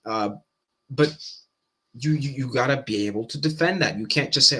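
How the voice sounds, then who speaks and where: A man hosting a stream, giving fast, animated reaction commentary and often breaking off mid-sentence. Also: medium pitch, slight background noise. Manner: fast-talking, animated, self-interrupting. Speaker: stream host.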